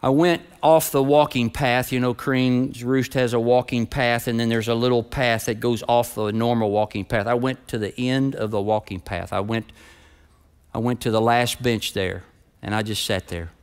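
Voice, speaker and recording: A middle-aged man preaching a sermon as pastor. He starts with a quiet, subdued personal story and builds to loud, rising preaching. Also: mid-range voice, fairly even intonation, moderate pace, clean tone.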